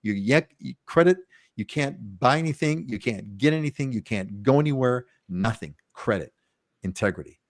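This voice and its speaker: A man's voice: mid-range voice, expressive, moderate pace, dry recording, clean studio sound. A man hosting a live real estate show, talking with enthusiasm and often repeating words as he starts his sentences. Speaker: host.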